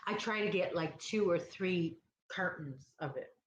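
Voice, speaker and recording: A woman's voice: fairly low pitch, unhurried. Chatty woman rambling on a crochet stream. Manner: rambling, chatty, loses her train of thought. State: sleepy, yawning. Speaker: crochet livestream host. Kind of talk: casual chat with live viewers. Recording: roomy, dull lo-fi sound with faint noise.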